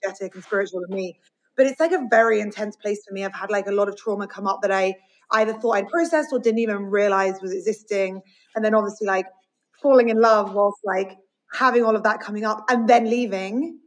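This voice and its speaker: A woman's voice: medium pitch, a little fast, rough recording. A woman from the UK as a podcast guest in casual chat, talking openly and rambling with many fillers. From United Kingdom. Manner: rambling, open, many likes.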